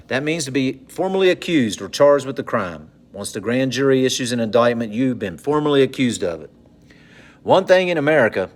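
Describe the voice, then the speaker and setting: A man's voice: on the low side, slight background noise. A man teaching a recorded civics lesson in a conversational, joking way, repeating key terms so students can take notes. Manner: conversational, jokey, repeats points for note-taking.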